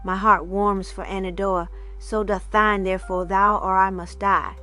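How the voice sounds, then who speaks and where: A woman voicing a jealous, strong Arctic hunter man with a deep, hoarse voice who speaks in archaic, threatening phrases. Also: level tone, measured pace, bright, forceful tone, soft background music. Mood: menacing.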